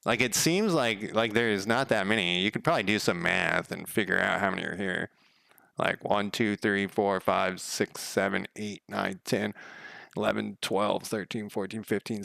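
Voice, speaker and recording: A man's voice: fairly low pitch, gravelly, pushed and bright, no room sound. A man live-streaming while he codes a game, chatting casually in a rambling, profane way and counting under his breath. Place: home room.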